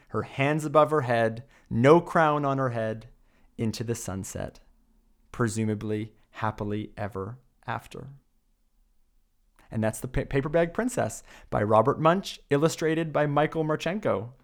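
A man co-hosting a podcast, reading a picture book aloud as expressive, unhurried storytelling. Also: mid-range voice. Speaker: podcast co-host.

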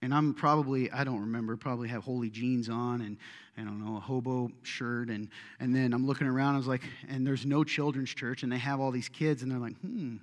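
A man's voice: mid-range voice, steady tone, brisk. Conversational preacher man in a reverberant hall. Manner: conversational, joking, rising to emphatic preaching. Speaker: pastor. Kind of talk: sermon. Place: church sanctuary.

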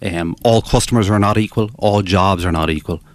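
A man, a business author interviewed as a guest, explaining his ideas in a measured way with frequent restarts. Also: deep voice, no echo. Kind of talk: radio interview.

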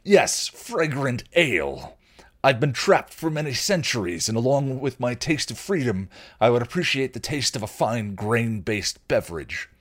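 A man voicing a hungry male troll who speaks slowly, loudly and in grand formal phrases. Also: mid-range voice, sing-song, voice pushed up. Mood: bellowing. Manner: loud, slow and grandly formal.

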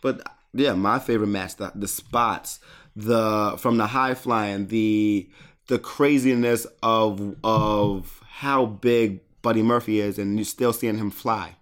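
A man chatting casually about a wrestling show, excitable and rambling, with halting restarts. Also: lowish voice.

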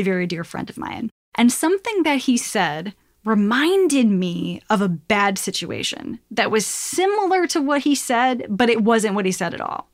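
A woman co-hosting an advice podcast, chatting casually in a playful, animated way and swearing now and then. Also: mid-range voice, no room sound, studio quality.

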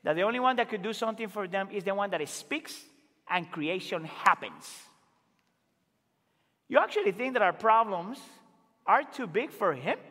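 A man preaching a sermon as pastor, earnest and emphatic, rising to loud exclamations and dropping to quiet asides. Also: high voice, expressive, moderate pace, long pauses. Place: church sanctuary. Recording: reverberant church hall.

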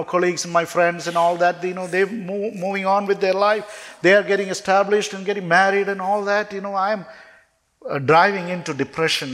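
A man's voice: medium pitch, fairly bright tone. Earnest male preacher sharing testimony. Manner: earnest, emotional storytelling with frequent stammered restarts. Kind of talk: personal testimony sermon.

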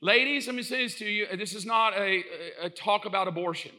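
A male pastor preaching a sermon in an animated, joking storyteller's way, acting out little quotes as he goes. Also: high-pitched, a little fast.

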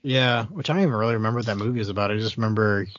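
A man's voice: lowish voice, rapid-fire, dry recording. A man from the American Midwest with a Midwestern accent, chatting casually and hesitantly, with many fillers and restarts. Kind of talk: casual movie chat. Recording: dry, dull lo-fi sound.

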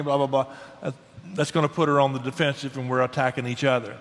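Older male guest, folksy and earnest, mid-pitched, long reverb around the voice. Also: brisk. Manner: earnest, folksy, animated storytelling. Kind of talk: conversational advice.

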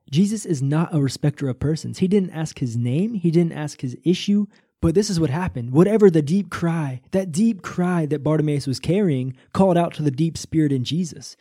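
A man's voice: on the high side, warm tone, dry recording, studio quality. A man preaching a short, impassioned sermon on a podcast. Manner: impassioned preaching, rising on cries.

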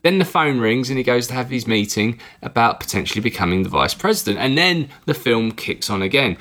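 A man's voice: medium pitch, expressive, fairly quick, fairly bright tone. A man from England co-hosting a podcast, chatting casually and rambling through a film review, with the odd swear word. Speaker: podcast co-host.

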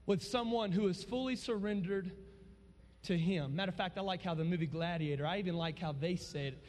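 A young man, preaching a testimony sermon and swinging from loud shouts to hushed low tones. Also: brisk. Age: 20s. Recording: long reverb of a large hall.

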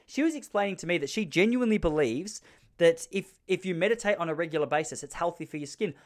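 A man's voice: fairly high pitch, animated, fast. A man, hosting a solo comedic podcast from a spare room at home, rambling and poking fun at himself. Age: 30s. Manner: rambling, self-mocking storytelling with quoted voices. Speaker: podcast host.

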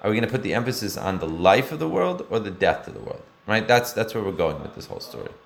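A man's voice: fairly low pitch, big pitch swings, fast, gravelly, slight background noise. Man teaching a Torah class. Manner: explanatory, mixes Hebrew terms into English, asks rhetorical questions. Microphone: recorded for an online class.

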